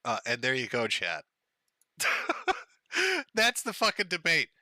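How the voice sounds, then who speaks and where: A man's voice: medium pitch, huge pitch swings, a little slow, sharp tone, no echo. An older man hosting a stream, giving mocking, profane commentary and laughing at his own jokes. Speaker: streamer host.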